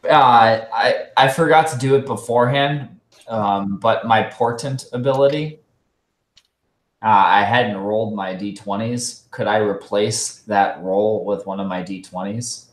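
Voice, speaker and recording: A man playing in a tabletop game, chatting slowly and joking with the game master. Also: lowish voice, reverberant. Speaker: player. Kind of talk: casual chat at a tabletop game.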